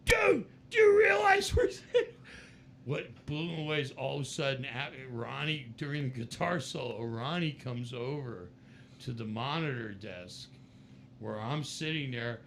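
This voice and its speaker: Gravelly and medium-pitched, this man talks at a moderate pace over slight background noise. He's a middle-aged guest musician spinning lively stories in a relaxed interview and mimicking others' voices as he goes.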